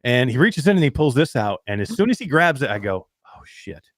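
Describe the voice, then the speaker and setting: A man's voice: medium pitch, sing-song, fast, no room sound, studio quality. A man co-hosting a casual talk show, telling stories in a rambling way with lots of fillers and laughing at himself. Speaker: podcast co-host. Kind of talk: casual chat.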